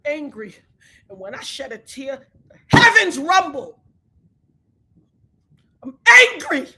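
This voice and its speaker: A woman giving an angry, tearful commentary rant, shouting, cursing and praying aloud in between. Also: high-pitched, big pitch swings, a little slow. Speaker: commentary vlogger.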